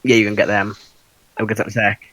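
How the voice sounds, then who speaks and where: Low-voiced casual man running a game. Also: level tone, quick pace, pushed and bright, dry recording, rough recording. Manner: casual, hesitant with many fillers. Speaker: dungeon master. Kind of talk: narrating a tabletop game.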